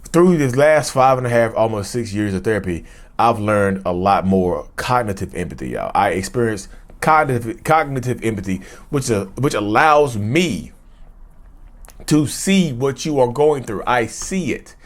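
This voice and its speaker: A man's voice: mid-range voice, expressive, moderate pace. A man hosting a mental health vlog, talking loosely to his viewers, repeating and restarting phrases and calling them y'all. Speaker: mental health vlogger and host. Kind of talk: casual direct-to-camera monologue.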